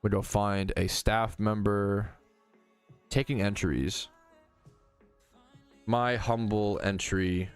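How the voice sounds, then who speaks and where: A man's voice: fairly low pitch, steady tone, takes it slowly, long pauses, clean tone, soft background music. Chatty, cussing young male streamer. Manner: chatty, profane, reads out chat messages. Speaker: gaming streamer. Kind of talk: casual livestream commentary.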